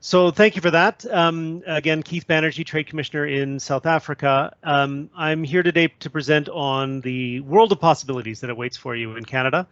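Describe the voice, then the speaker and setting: A man's voice: a little high, brisk, hardly any pauses, a bit bright, dry recording. A male trade commissioner giving a webinar presentation, hesitant with many fillers. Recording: dull lo-fi audio.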